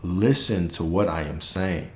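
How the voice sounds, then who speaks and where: On a livestream, a man with a fairly low voice talks as a spiritual coach, relaxed and repetitive. He poses rhetorical questions and keeps checking in with a quick "okay?", and a noticeable room echo hangs on his voice.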